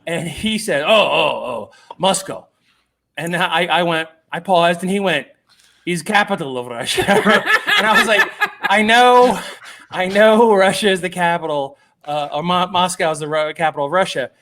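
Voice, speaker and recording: A man's voice: high voice, normal speed, fairly bright tone. A man telling convention stories in a casual chat, self-deprecating, with many fillers and acted-out quotes. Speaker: guest comic artist.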